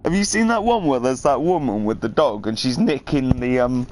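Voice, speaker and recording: A man's voice: mid-range voice, expressive, moderate pace, a little mellow. A man in casual, rambling, profane chat, telling funny stories. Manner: rambling, profane, laughing storyteller. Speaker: streamer.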